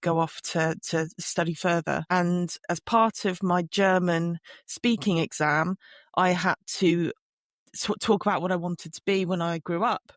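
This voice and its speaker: A woman's voice: lowish voice, fairly even intonation, unhurried, dry recording, clean studio sound. A middle-aged woman from the UK, a forensic linguist and podcast guest, chatting and telling her story with frequent laughs and restarts. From United Kingdom.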